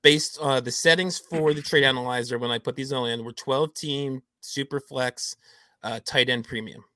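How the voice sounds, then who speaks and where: A man's voice: mid-range voice, fairly even intonation, normal speed, bright, forceful tone, no echo. A man hosting a fantasy football trade quiz on a casual podcast, reading out values and laughing often. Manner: reads out numbers, laughs often. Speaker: host running a trade quiz.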